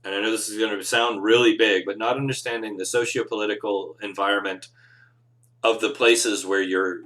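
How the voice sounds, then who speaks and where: A man's voice: fairly low pitch, fairly even intonation, brisk, a bit bright. A man who runs tabletop games, giving casual, earnest advice on a live show with encouraging, rambling talk. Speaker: game master, podcast host.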